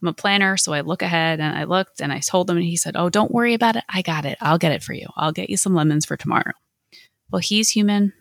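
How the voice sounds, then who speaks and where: A woman's voice: lowish voice, a bit bright, no room sound, studio quality. Candid woman sharing a faith story. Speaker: podcast host. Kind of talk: personal faith reflection podcast.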